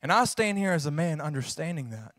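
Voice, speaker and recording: A man's voice: on the high side, animated, a little fast, fairly bright tone, no echo. A man, preaching a sermon as a pastor, folksy and joking as he tells stories, then preaching with rising fervor.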